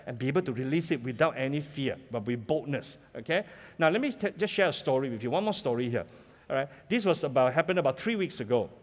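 Man, middle-aged pastor, lively sermon, long hall echo. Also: fairly high pitch. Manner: animated, lively preaching with frequent "all right?" and "ah" tags.

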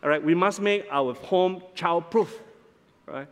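Man, pastor, sermon, animated, repeats himself, fairly high voice, reverberant hall. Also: unhurried, clean tone. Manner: animated, repeats words, tag questions like "all right?". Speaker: senior pastor. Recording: long reverb of a large hall.

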